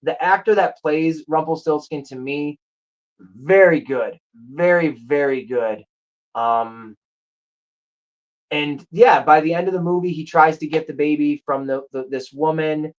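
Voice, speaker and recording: Enthusiastic rambling host, casual chat, mid-pitched voice, slightly muffled lo-fi recording. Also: measured pace. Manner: rambling, enthusiastic, with self-corrections. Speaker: show host reviewing a movie.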